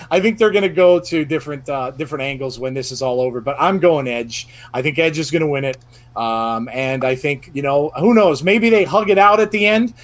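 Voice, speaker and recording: Male host for a chatty podcast panel, a touch high-voiced, often stops to restart his sentences. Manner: rambling, filler-heavy with frequent restarts. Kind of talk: casual podcast round-table chat.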